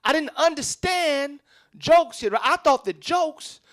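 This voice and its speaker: On a club stage, a young stand-up comic with a high, slightly bright voice tells stories. He's expressive and talks in a loose, streetwise way, constantly turning to the crowd for quick asides.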